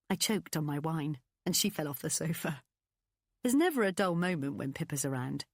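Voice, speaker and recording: A woman reading a first-person novel aloud as an audiobook narrator, in an expressive, confiding storytelling manner. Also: low-pitched, moderate pace, no room sound, clean studio sound.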